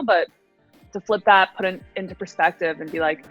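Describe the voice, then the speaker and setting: A woman's voice: lowish voice, fairly even intonation, brisk, a bit bright, no room sound, soft background music. Young woman, podcast guest, upbeat, chatty, dry muffled recording. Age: 20s. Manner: upbeat, laughs often, many fillers. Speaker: professional swimmer guest. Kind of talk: casual interview chat. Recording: dry, slightly dull audio.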